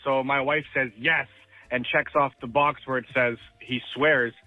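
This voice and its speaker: A man calling into a radio show, telling an animated story over the phone. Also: mid-range voice, normal speed, no echo. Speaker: caller. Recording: tinny phone line.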